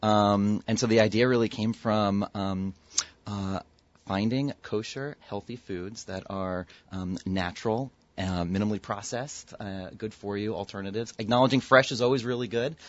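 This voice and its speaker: A man's voice: on the low side, fairly even intonation, moderate pace, no echo, muffled recording. A man being interviewed as a guest, speaking affably with frequent fillers. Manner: affable, hesitant with many fillers. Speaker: guest, doctor and company co-founder. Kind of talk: casual interview.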